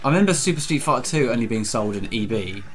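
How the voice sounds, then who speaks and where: A man co-playing a retro game, reacting with quick exclamations and short asides. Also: medium pitch, animated, faint music behind. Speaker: co-player. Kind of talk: casual gaming commentary.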